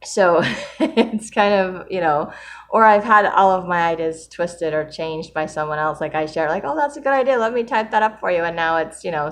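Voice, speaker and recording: A woman with a low voice talks through her thoughts in a reflective personal vlog. She is candid and earnest, with soft laughs and fillers as she goes. A faint hum of room ambience sits behind her. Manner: speaks of faith and gratitude. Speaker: vlogger sharing a daily writing video.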